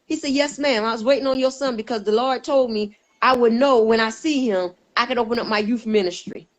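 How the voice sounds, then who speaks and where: A woman's voice: on the high side, a little fast, poor audio. A woman giving a personal testimony as a guest, telling her story earnestly and emphatically and acting out the dialogue she quotes.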